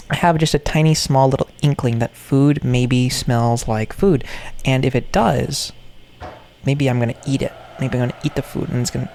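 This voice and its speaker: Gravelly, rambling reaction commentator. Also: medium pitch, darkish tone, a little hiss or hum. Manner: jokey, repetitive, ironic asides. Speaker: video maker reacting to toy content.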